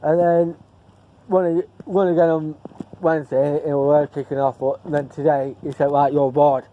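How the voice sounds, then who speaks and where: A man's voice: a little high, little pitch movement, normal speed, phone-quality sound, a little hiss or hum. A man chatting casually to camera in a vlog, rambling and repeating himself as he loses his thread. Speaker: vlogger.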